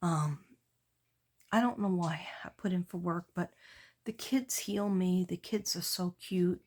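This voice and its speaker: A tired woman artist talks through her pieces in a casual late-night vlog, her lowish voice drifting along slowly. She meanders from one thought to the next, full of pauses and fillers. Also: darkish tone. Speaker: artist showing her work.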